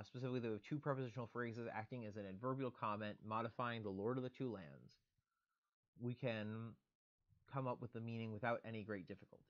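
A man's voice: mid-range voice, lo-fi sound. A man giving a recorded online lecture, explaining grammar step by step in a methodical way with casual fillers.

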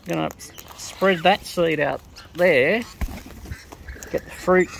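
A woman's voice: on the low side, slow, vocal fry, slight background noise. A woman talking to the wild birds she is feeding outdoors, in coaxing sing-song baby talk. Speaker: bird-feeding vlogger. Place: outdoors in a garden. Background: bird calls and animal sounds.

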